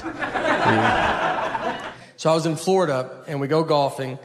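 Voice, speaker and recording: A man from Tennessee, doing self-deprecating stand-up comedy in a deadpan way on a stage. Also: mid-range voice, normal speed, long pauses, very noisy. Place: comedy stage with a live audience. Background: audience laughter.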